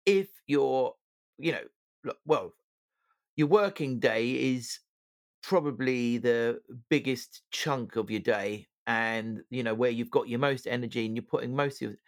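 A man's voice: mid-range voice, measured pace, no echo. A man co-hosting a casual chat show, talking loosely with many fillers and restarts. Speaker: podcast co-host.

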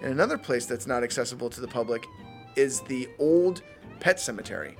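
A man's voice: mid-range voice, expressive, fairly quick, gravelly, soft background music. A man co-hosting a podcast in laid-back casual chat, swearing freely and acting out what others said. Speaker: podcast co-host.

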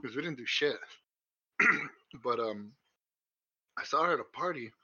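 Bright, husky young man telling crude stories. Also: mid-range voice, animated, measured pace, no echo. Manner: rambling crude storytelling, heavy swearing, frequent laughter. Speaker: podcast co-host. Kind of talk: casual chat. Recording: muffled lo-fi recording.

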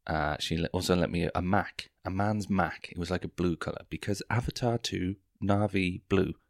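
A man's voice: low voice, gravelly, no room sound, clean studio sound. A young man, hosting a podcast with a profane, self-mocking, rambling comic monologue full of tangents. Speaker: podcast host. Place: London.

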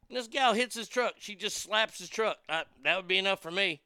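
Swearing guy ranting, high bright voice, smooth but gravelly, dead dry sound. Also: a little fast, no echo. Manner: profane, heated, swearing often. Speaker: host. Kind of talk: angry commentary rant.

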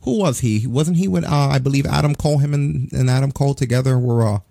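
A man's voice: medium pitch, fast, vocal fry, warm tone, no echo. A man in his forties ranting profanely in a casual podcast chat. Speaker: podcast co-host. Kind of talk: casual wrestling review chat.

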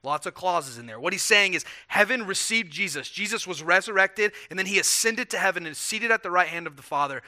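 A man preaching a sermon in a strikingly bright, tense voice that sits a little high for a man. He talks to the congregation earnestly and conversationally, pausing on rhetorical questions and doubling words as he restarts a thought. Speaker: pastor.

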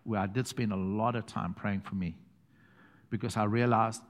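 A middle-aged South African man preaching a sermon as pastor, telling stories with chuckles and quiet emphatic asides. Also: on the low side, fairly even intonation, moderate pace. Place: church hall. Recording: long hall reverb.

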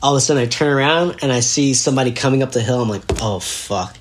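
A young man telling a story casually as a podcast guest, animated and laughing as he acts out what people said. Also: mid-range voice, rapid-fire, a little hiss or hum.

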